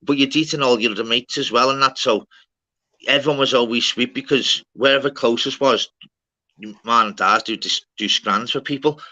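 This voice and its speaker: A man, chatting casually with a friend as host of a livestream, slangy and loud. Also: mid-range voice, moderate pace.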